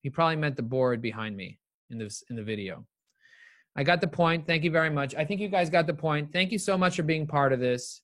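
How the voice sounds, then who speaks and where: A middle-aged man giving a live-streamed motivational talk, emphatic and animated, repeating phrases for emphasis as he answers viewer questions. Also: fairly high pitch, a little fast, no echo, clean studio sound.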